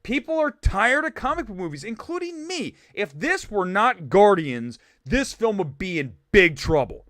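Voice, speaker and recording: Animated, high-voiced man hosting a movie stream. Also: no room sound, clean studio sound. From Ohio. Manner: fast, animated, mock-shouting asides. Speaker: livestream film show host. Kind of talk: animated livestream rant.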